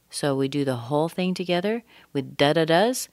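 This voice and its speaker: A middle-aged woman teaching English pronunciation, modeling rhythm with sung-out syllables and slowly stretched words. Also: low-pitched, lively intonation, no room sound, clean studio sound. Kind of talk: accent lesson.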